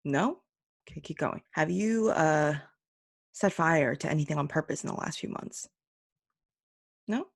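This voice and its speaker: A young woman talking casually as a podcast host and English teacher, joking at her own expense and acting out quotes in a higher voice. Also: unhurried, gravelly, pauses often, no room sound, clean studio sound. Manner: chatty, self-mocking, acts out quotes in higher voices. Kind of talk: casual solo podcast chat. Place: home room.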